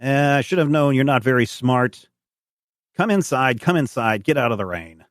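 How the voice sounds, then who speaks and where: A man voicing a thin, suspicious old male farmer in a tabletop game, blunt and gruff. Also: animated, normal speed, no echo, studio quality, lightly acted. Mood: gruffly hospitable. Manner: high strained put-on voice, blunt.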